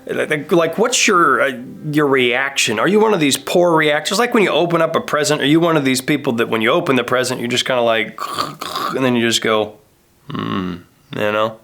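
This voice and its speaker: A man's voice: medium pitch, fairly quick, hardly any pauses, a bit bright, faint music behind. A man in his thirties, a pastor, preaching a sermon in a casual, storytelling way and acting out the people he quotes. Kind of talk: conversational sermon.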